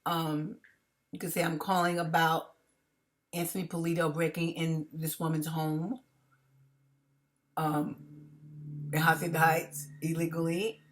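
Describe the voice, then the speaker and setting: Stressed, rambling woman, low voice. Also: little pitch movement. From United States. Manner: rambling, halting, many fillers and restarts. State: stressed, agitated. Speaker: vlogger. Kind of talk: emotional personal vlog.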